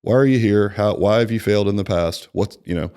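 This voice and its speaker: Animated man coaching on sales. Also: fairly low pitch, a little fast, clear, resonant tone. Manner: animated, acts out client dialogue, frequent "right?". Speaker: personal training franchise executive. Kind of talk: conversational sales training talk.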